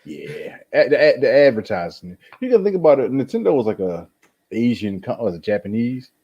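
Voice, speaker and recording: A man's voice: mid-range voice, brisk, breathy edge, highs cut off. A man co-hosting a podcast in casual sports chat, laid-back and saying "man" often. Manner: laid-back, says "man" a lot, lively intonation. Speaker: podcast co-host.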